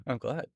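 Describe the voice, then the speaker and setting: A man's voice: a little mellow, dry recording. A young man from Florida with a Southern accent, chatting casually with viewers on a live stream, rambling and laughing often between lines.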